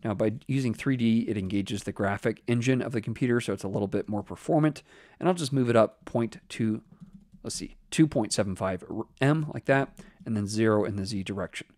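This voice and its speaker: A man explaining web code step by step in a relaxed screen-recorded tutorial, thinking aloud as he types. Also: on the low side, brisk, no echo, clean studio sound. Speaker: web development instructor.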